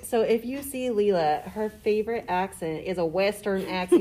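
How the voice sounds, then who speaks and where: A woman with a mid-range voice talks like a teacher on a class podcast. She sounds relaxed and conversational, and she teases her students with obvious fondness. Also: medium pitch, normal speed, noisy background. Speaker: middle school teacher. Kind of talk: casual podcast chat with students.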